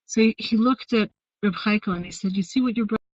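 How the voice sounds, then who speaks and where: A woman teaching a weekly class, telling a story at a middling pitch with many searching fillers and restarts. The sound is dull and lo-fi, with a dry, close feel and no room echo. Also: quick pace. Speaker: teacher of a women's course. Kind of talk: teaching, retelling a Hasidic story.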